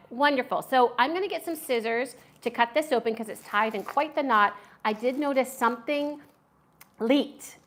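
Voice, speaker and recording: A woman's voice: on the high side, a bit bright. Chatty woman reviewing takeout. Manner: chatty, reads viewer comments aloud, enthusiastic. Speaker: food vlogger. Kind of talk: casual live-stream food review.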